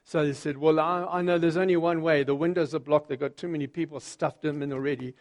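A man preaching a sermon, telling Bible stories with lively acted-out voices. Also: fairly high pitch, fast talker. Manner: animated storytelling, acting out quoted voices.

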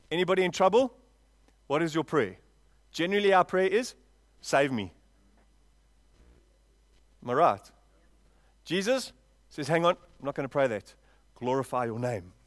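High-voiced man preaching a lively sermon. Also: moderate pace, long pauses, no room sound. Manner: lively preaching, swings from loud to quiet, asks the congregation questions. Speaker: pastor. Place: church, before a congregation.

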